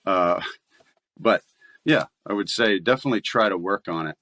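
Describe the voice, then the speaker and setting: Easygoing Southern man, low voice. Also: normal speed, bright, forceful tone. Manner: easygoing and chatty, laughs often. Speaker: voice actor guest. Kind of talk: casual interview chat.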